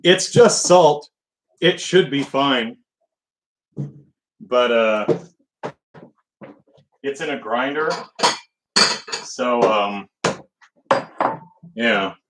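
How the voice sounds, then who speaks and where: A man's voice: mid-range voice, drawn-out words, pauses often, heavy background noise. A man hosting a live stream, baking and grumbling to himself in casual, exasperated chat.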